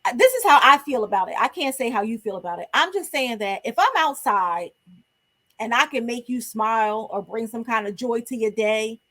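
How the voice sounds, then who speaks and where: Podcast co-host, woman, high voice, earnest and reflective. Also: expressive, normal speed, bright, forceful tone. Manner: earnest, reflective, gives advice. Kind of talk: casual chat.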